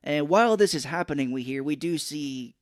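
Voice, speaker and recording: A man co-hosting a podcast, recapping a movie in casual chat with sarcastic asides and quick impressions of the characters. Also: a little high, animated, no room sound, clean studio sound. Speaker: podcast co-host.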